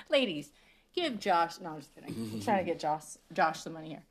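A woman's voice: on the low side, lively intonation, normal speed, slight background noise. A woman hosting a podcast in casual chat, telling stories with lots of swearing and laughter. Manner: profane, laughing storyteller. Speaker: podcast host.

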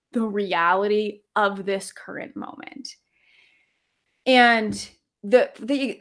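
A woman speaking as a coach in a casual interview, reflective and quick to laugh, with frequent fillers. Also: medium pitch. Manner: warm, reflective, laughs easily, many fillers. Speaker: guest coach.

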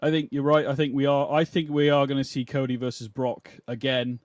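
A man co-hosting a wrestling podcast, talking casually and quickly, hedging often as he makes his points. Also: medium pitch, flat delivery, no echo, studio quality. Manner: quick, conversational, hedging with "I mean". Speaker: podcast co-host.

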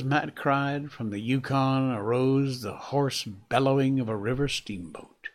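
A man narrating a classic adventure novel in a deliberate storytelling manner. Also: medium pitch. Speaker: audiobook narrator.

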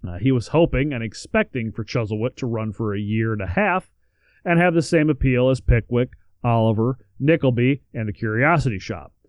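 A man's voice: medium pitch, lively intonation, normal speed, no room sound, highs cut off. A man co-hosting a podcast, reading out history in a casual way with joking asides and the odd swear word. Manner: reads facts then adds joking asides and swearing. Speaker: podcast co-host.

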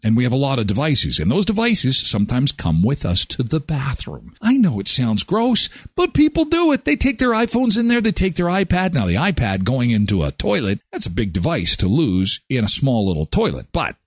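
Guy hosting a morning show, jokey and all over the place pitch-wise, dry close sound. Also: moderate pace, hardly any pauses, husky, no room sound. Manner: animated, jokey, acts out voices in his stories. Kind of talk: casual chat.

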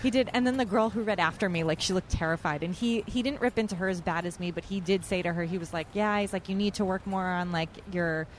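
A woman's voice: medium pitch, fast talker, few pauses, a little hiss or hum. Young woman telling a story outdoors. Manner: animated, quotes others in lively voices. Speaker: podcast guest. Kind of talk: casual storytelling chat. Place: outdoors in a city park.

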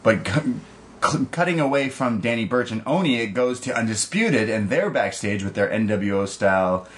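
A man's voice: mid-range voice, animated, normal speed, a bit bright, a little hiss or hum. A man co-hosting a casual podcast, chatty and laughing often as he recaps wrestling shows. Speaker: podcast co-host. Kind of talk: casual chat.

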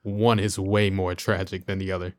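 A man's voice: sits low, little pitch movement, normal speed. A man in casual conversation, skeptical and pushing back, with offhand profanity. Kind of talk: casual chat.

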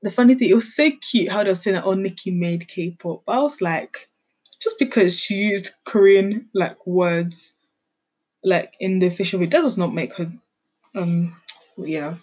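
A woman's voice: medium pitch, normal speed, darkish tone, husky, low-quality recording. A young woman chatting casually as a podcast host, sassy and opinionated. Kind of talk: casual reaction chat.

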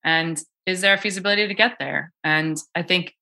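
A woman's voice: on the low side, a little fast, gravelly, pushed and bright. A woman coaching on cold exposure, chatting casually with many fillers and restarts. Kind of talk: casual podcast conversation.

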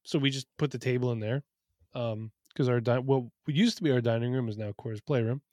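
A man's voice: mid-range voice, a little fast, a little mellow, dry recording. A man from eastern Pennsylvania co-hosting a parenting podcast, telling stories in casual chat with a wry, dry humor. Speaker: podcast co-host.

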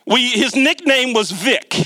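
A man preaching in a church with an unusually high, bright voice. He tells a humorous story in a chatty way and keeps asking the congregation questions. The sound is dry and close. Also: lively intonation, unhurried, no room sound. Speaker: lay preacher. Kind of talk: storytelling sermon. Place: church sanctuary.

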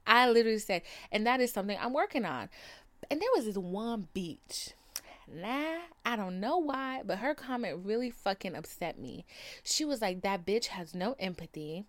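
A woman hosting a podcast, telling a story in a casual rant, swearing freely and acting out what other people said. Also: a little high. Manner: profane, animated, mimics people in quotes. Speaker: podcast host.

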